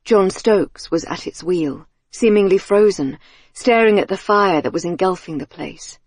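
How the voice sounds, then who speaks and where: A woman reading an audiobook thriller in a measured, tense storytelling manner on a close studio mic. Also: fairly low pitch, a little mellow, breathy edge, no room sound. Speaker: audiobook narrator. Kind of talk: scripted audiobook narration.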